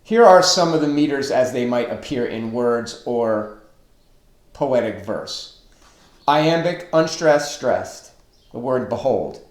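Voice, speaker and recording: A man teaching a webinar lecture on poetry, deliberately counting out stressed and unstressed syllables. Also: mid-range voice, lively intonation, echoey room.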